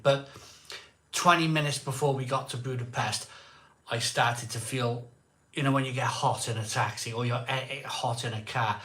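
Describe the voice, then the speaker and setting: A man with a medium-pitched, sharp-toned voice hosts a live beer stream, telling a rambling story in a chatty way. He repeats himself and acts out what people said.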